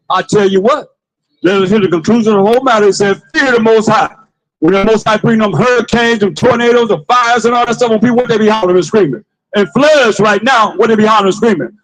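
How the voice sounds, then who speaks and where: A man street preaching to passers-by, with forceful call-and-response, repeated phrases and bursts of shouting. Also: high voice, a little fast, poor audio. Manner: forceful call-and-response, commands a reader to read.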